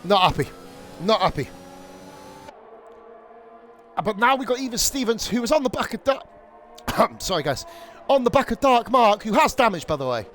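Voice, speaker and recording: A young man streaming live sim-racing commentary, excitable and rambling, swearing freely and going off on rants. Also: high voice, normal speed, pauses often, faint music behind. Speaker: league streamer and race commentator.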